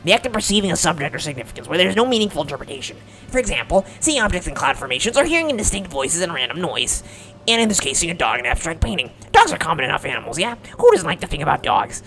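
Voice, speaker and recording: A woman's voice: lowish voice, very animated, racing, poor audio. Woman doing a dry young puzzle master. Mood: explaining. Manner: explanatory, matter-of-fact. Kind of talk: voiced visual novel reading.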